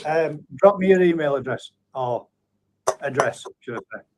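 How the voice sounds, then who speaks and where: A man's voice: a little high, expressive, moderate pace. A man hosting a live stream, chatting in a matey way and reading out viewer comments with frequent chuckles. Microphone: streaming setup at a computer.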